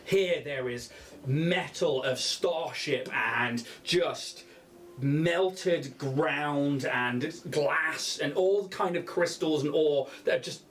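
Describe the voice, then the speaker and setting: Male game master, loose and giggly, rambling delivery, slightly higher register. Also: slow, fairly bright tone. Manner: rambling, laughs often. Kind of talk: narrating a tabletop game.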